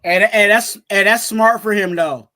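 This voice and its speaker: A man's voice: high-pitched, a little slow, pushed and bright. A man talking sports in casual chat, rambling, repeating himself and stumbling over his words.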